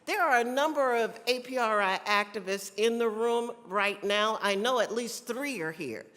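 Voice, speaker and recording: Her fairly high, fairly bright voice moves at normal speed as this South Carolinian with a Southern accent delivers a folksy convention speech, chatty and teasing, calling out to the crowd. The big hall adds long reverb.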